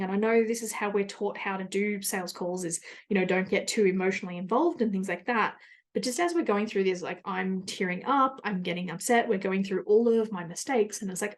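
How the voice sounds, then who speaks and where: A woman podcast host talks candidly and chattily in a casual solo monologue, full of fillers and asides. Her voice is mid-range and a little mellow.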